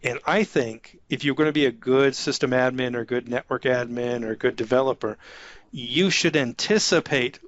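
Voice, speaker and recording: A man who manages an IT staff, talking informally about soft skills and acting out example conversations with a light chuckle. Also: medium pitch, normal speed, muffled recording. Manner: conversational, acts out example dialogues, chuckles often. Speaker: IT manager giving career advice.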